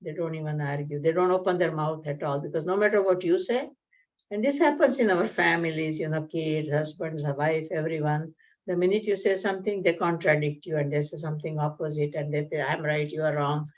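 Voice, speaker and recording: A woman leads a scripture study class, explaining terms in an easy conversational way. Her voice sits on the lower side. The recording is dull and lo-fi. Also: brisk, darkish tone. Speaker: Gita study class teacher. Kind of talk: spiritual lecture with a joke. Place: community class room.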